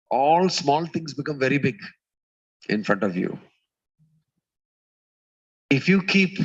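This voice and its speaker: Swami telling a parable. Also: male voice, medium pitch, dull audio. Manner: storytelling, acts out quoted voices, pauses with "uh". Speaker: swami giving a spiritual talk. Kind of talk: sermon. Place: community hall.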